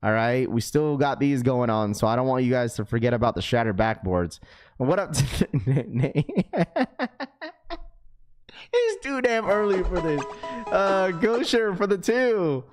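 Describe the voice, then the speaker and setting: A man hosting a casual livestream, chatty and laughing often as he gives shout-outs for donations. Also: mid-range voice, expressive, normal speed, smooth, soft background music. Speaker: livestream host.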